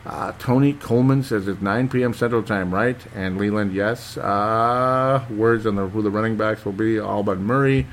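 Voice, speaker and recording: A man's voice: lowish voice, moderate pace, few pauses, slight background noise. A man hosting a casual sports talk show, reading listener comments and chatting in a rambling, hesitant way with lots of fillers. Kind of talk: casual chat.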